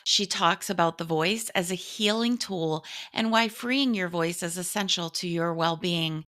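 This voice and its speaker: A woman's voice: on the low side, pushed and bright. A woman with a Southern US accent hosting an interview, talking in an effusive, gushing way. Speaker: podcast host. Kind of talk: casual interview chat.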